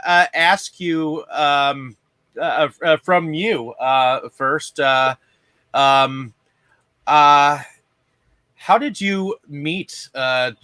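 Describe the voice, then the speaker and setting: A man hosting an interview, asking questions haltingly with many fillers. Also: fairly high pitch, pushed and bright, clear, resonant tone, dry recording. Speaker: interviewer host.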